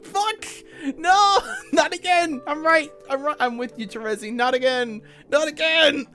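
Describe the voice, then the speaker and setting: A man's voice: very high voice, drawn-out words, faint music behind, pitched above the performer's own voice, heavily acted. A man voicing a frantic, panicky character who keeps breaking into laughter while reading a web comic aloud.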